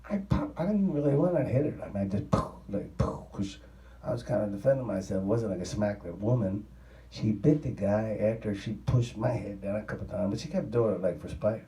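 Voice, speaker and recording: A man's voice: fairly low pitch, fairly quick. Man spinning a wild tale, roomy and distant. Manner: profane, excitable storytelling. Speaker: interviewee telling a story. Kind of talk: rambling anecdote. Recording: roomy sound from a distant mic.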